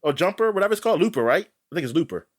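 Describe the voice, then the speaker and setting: A man's voice: on the high side, very animated, very fast. A man co-hosting a podcast in casual chat, jokey and swearing freely. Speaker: podcast co-host.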